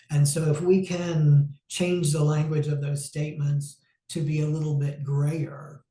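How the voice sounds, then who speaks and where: A man giving an informal, reflective talk on mental health, conversational and pausing with frequent "um"s. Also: a little high, mellow. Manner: reflective, conversational, acts out inner self-talk; frequent "um" pauses. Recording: roomy echo.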